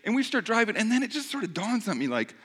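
Lively middle-aged preacher telling a story. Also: male voice, sits high, quick pace, breathy edge. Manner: animated, self-mocking, joking with the congregation. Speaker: pastor. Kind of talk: storytelling sermon.

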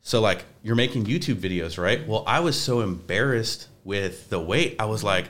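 A man's voice: on the low side, expressive, moderate pace, a bit bright. A young man, a podcast guest, talking casually in a rambling way with many restarts. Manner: rambling, restarts often, says like a lot.

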